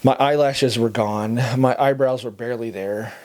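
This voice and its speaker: Casual male storyteller, young adult, mid-range pitch, conversational with laughs, low and quiet when somber. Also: steady tone, moderate pace.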